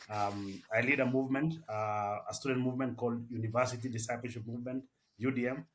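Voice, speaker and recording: A Kenyan man in his forties, a missionary and campus pastor, answering interview questions in a measured way with many "uh" fillers. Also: mid-range voice, steady tone, slight background noise.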